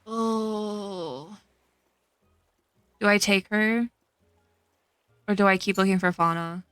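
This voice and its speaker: Bright, unhurried young woman streamer. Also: medium pitch, no echo. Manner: gushing, reads chat aloud, coos over cute characters. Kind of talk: casual game-stream chat. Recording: dry close sound with faint game music.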